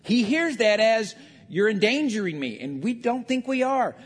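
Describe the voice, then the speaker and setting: High-voiced man preaching in a reverberant hall. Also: lively intonation, normal speed, husky. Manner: conversational preaching with acted-out quotes. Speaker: pastor. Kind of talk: sermon on marriage. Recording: long reverb of a large hall.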